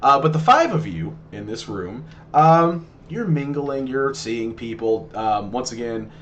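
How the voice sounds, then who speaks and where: Game master, male; slow, easygoing narrator. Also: mid-range voice, a little hiss or hum. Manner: relaxed, many fillers.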